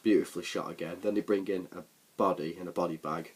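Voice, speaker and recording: A film reviewer with a low, slightly rough voice speaks quickly and with fairly even intonation. He gives a casual, rambling movie recap for his vlog, full of ums, fillers, and restarts.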